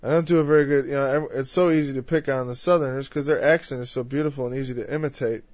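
A man's voice: mid-range voice, fairly even intonation, fast talker, a little mellow, no echo. A man preaching a conversational sermon on a Bible passage, full of "you know" asides and rising into impassioned lists. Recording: dull, dry lo-fi recording.

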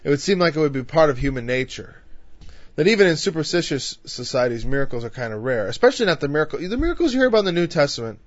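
A man's voice: fairly high pitch, sing-song, racing, no room sound. A man from northern Illinois leading an informal Bible study in a conversational way. He asks rhetorical questions and often says "you know.". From northern Illinois, USA. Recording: dull, dry lo-fi recording.

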